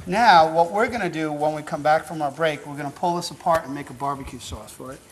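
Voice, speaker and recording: A man with a voice on the high side talks fast, and the audio is poor. He's hosting a cooking show at the stove in a show kitchen, giving upbeat, chatty step-by-step instructions in an encouraging, teasing manner.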